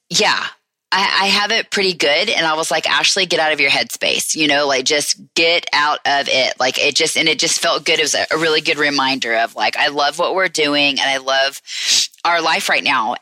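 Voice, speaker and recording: Woman, Southern accent, low pitch, casual rambling podcast talk, dry room. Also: pushed and bright, no room sound. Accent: Southern American. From American South. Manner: chatty, rambling, many fillers. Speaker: podcast host. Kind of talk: casual chat.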